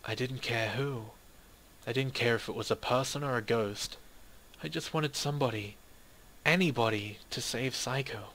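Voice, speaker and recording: A man reading a dramatic first-person story in a steady, measured way. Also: mid-range voice, slight background noise. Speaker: narrator.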